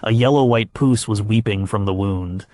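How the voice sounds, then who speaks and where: A man narrating a scripted history documentary in a measured way, with occasional stumbles and fillers. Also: on the low side, darkish tone, no echo.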